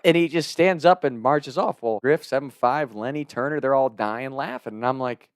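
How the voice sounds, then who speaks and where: A man in his twenties telling a story in a casual, chatty way, laughing between lines and doing loud voices for his friends. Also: fairly high pitch, normal speed, no echo, clean studio sound.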